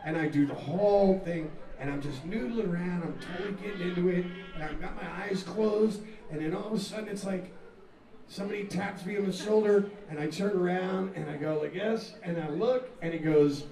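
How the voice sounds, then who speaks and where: A man, a rock singer, telling a profane, animated story between songs at a live music venue, laughing and acting out the scene. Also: sits high, fairly quick. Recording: echoey live room, mic far off, loud crowd.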